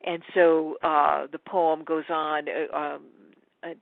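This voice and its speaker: A woman teaching in a webinar, an animated storyteller who acts out the quotes. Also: low-pitched, slow pace, creaky, no room sound, phone-quality sound. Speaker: spiritual teacher.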